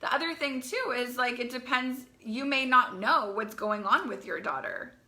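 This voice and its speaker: A young woman coaching teen girls, talking in a live video to parents in a fast, chatty way, often repeating herself and asking "right?". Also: fairly high pitch, bright, forceful tone.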